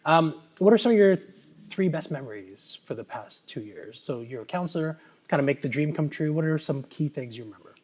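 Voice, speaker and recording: A man from Canada hosting a casual interview, talking in a relaxed way with plenty of fillers. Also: on the high side, brisk. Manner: relaxed, many fillers like "right" and "um". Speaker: host and councillor.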